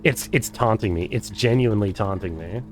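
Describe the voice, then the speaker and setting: A man's voice: lowish voice, moderate pace, soft background music. A man streaming a game for the first time, thinking aloud, swearing freely and chatting with his viewers. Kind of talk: casual live-stream commentary.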